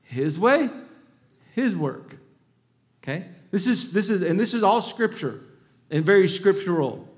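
A man's voice: sits high, sing-song, measured pace, long pauses. A middle-aged male pastor preaching a sermon, reading scripture aloud with dramatic emphasis and breaking into casual asides.

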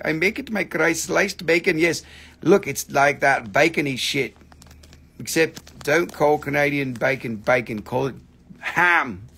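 On the high side, bright-ish and husky with vocal fry, this man's voice carries a live online sale of rocks and minerals. He chats casually, cursing, joking and breaking into song as he presents each piece and its price.

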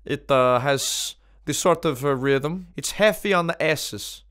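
A man's voice: a little high, fairly bright tone. A man doing a pompous food snob. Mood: grandiose. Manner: halting, grandiose.

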